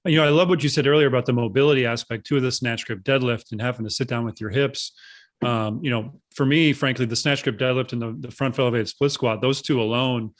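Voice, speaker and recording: A man hosts a training podcast in an easy, mid-pitched voice. He talks with eager enthusiasm, wanders between thoughts and leans on fillers. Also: steady tone, fast talker. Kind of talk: podcast interview.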